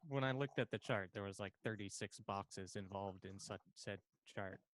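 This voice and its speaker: A man's voice: on the low side, moderate pace, no echo. Young male player, hesitant and joking, dry close sound. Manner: hesitant, joking, lots of uhs. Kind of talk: casual tabletop game chat.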